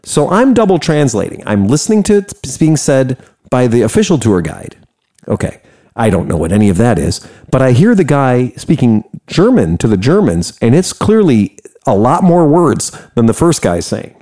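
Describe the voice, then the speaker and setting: An American man casually telling a story, animated and profane, laughing often. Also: medium pitch, moderate pace. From United States.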